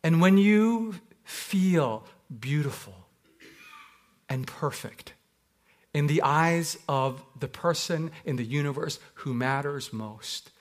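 A Canadian man gives a sermon as a pastor, weaving in stories from his own life. His voice sits a little high for a man, and he speaks reflectively, drawing out the words that matter most. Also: lively intonation. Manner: reflective, slows down on key words. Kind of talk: sermon with personal storytelling.

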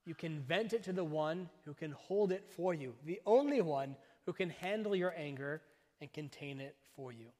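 A man preaching a sermon as a pastor, with a measured, emphatic delivery that breaks his points into short, deliberate phrases. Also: fairly high pitch, darkish tone. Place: church. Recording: long reverb of a church hall.

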